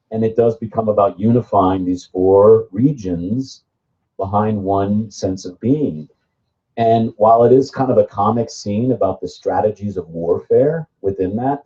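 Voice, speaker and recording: A man's voice: fairly low pitch, mellow. A man speaking as a theatre director at a seminar, explaining thoughtfully with frequent fillers. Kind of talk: seminar discussion. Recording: muffled live recording.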